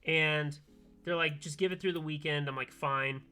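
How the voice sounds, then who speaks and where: A man streaming from his workbench, telling a long story in animated casual chat and acting out both sides of a phone call. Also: fairly high pitch, normal speed, smooth. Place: home workbench, soldering keyboards.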